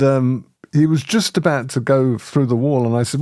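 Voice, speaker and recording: A man hosting a spiritual community, telling a personal story in lively conversation, often laughing and restarting his sentences. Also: medium pitch, normal speed, hardly any pauses, no room sound, studio quality.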